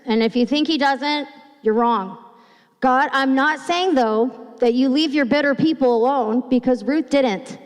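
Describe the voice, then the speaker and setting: Middle-aged lady pastor preaching, kinda high voice, super chatty, echoey church hall. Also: a little slow. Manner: chatty, conversational preaching with fillers; acts out quoted voices. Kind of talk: sermon. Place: church sanctuary. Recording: long hall reverb.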